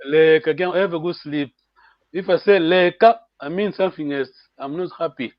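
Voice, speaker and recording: A man teaching a live online language class, patiently repeating words slowly and chuckling often, over a call microphone. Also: on the high side, dry recording. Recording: dull, dry lo-fi stream audio.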